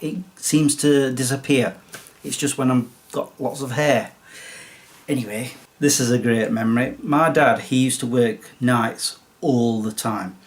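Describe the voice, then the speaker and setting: A man, a vlogger, casually telling stories about his father and chuckling as he goes. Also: medium pitch. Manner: reminiscing, chuckles while telling anecdotes. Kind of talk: casual storytelling monologue.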